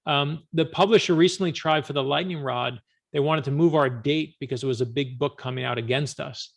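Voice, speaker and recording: A man who is an author, a guest on an interview podcast, telling stories in an animated, emphatic way. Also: a little high, fairly quick, gravelly. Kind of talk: storytelling interview answers.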